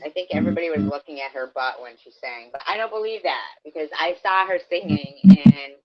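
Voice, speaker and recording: A woman's voice: low-pitched, expressive, fairly quick. A woman with a mid-range voice trades crude, blunt jokes on a casual livestream. Her audio comes through slightly dull and lo-fi. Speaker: livestream co-host. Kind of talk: casual late-night banter.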